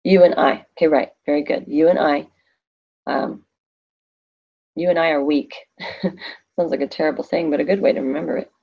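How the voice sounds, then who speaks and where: A woman's voice: low voice, steady tone, brisk, vocal fry, slightly rough, highs cut off. A woman teaching a Spanish class on a screen recording, asking questions and answering them herself in a chatty way.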